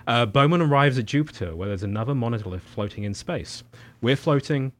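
A man co-hosting a casual chat, reading plot summary and joking with loud laughing impressions. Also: mid-range voice, expressive, quick pace. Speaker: podcast co-host. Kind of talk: casual chat recapping a film.

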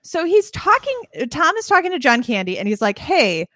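A woman co-hosting a casual movie podcast, acting out scenes in quick voices. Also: sits high, no room sound, clean studio sound. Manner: animated, acts out scenes in voices. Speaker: podcast co-host.

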